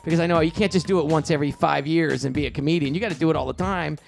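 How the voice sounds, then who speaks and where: A middle-aged man telling stories in a casual interview, animated and quick, acting out quoted lines in a raised voice. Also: on the high side, gravelly, faint music behind. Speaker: comedian and show producer, guest. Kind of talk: casual storytelling in a podcast interview.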